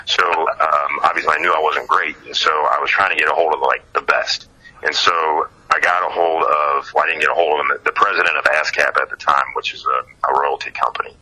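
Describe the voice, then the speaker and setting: A singer-songwriter from Ohio, telling stories as a guest in a casual interview. He is animated, chuckles often and uses many fillers. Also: a bass voice, a little fast, low-quality recording.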